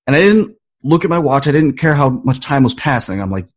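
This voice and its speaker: A man guesting on a podcast, telling a personal story in an animated, conversational way. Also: mid-range voice, a little fast, breathy edge.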